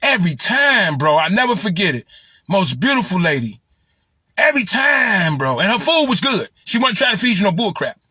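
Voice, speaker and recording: A middle-aged man from Chicago with a Chicago accent, talking on a livestream in an animated, preachy way and repeating phrases. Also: high voice, normal speed, husky, dry recording, studio quality. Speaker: livestream commentator. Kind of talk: casual livestream talk.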